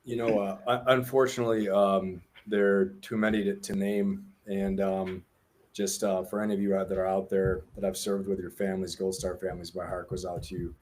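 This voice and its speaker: Man, very low flat voice, soft, halting, faint noise behind. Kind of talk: quiet remembrance.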